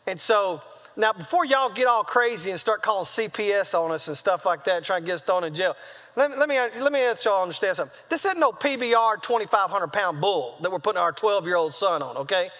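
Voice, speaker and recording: A high-pitched male preacher with a drawl tells his sermon as a comic story. He acts out each quote with lively voices. His voice rings out with a long echo through a large hall. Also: fairly quick. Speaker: traveling preacher.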